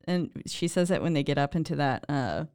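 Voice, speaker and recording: A woman co-hosting a podcast, recapping a horror film in animated, casual chat and quoting the characters. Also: low voice, clear, resonant tone, dry recording, studio quality. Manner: animated, swearing, quick to quote characters. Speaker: podcast co-host.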